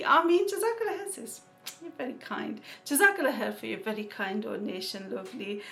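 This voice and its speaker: A woman with a fairly high voice, chatting casually to her viewers as a vlogger. She reads out names and thanks each donor with Islamic blessings, laughing here and there. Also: a bit bright. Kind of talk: casual chat.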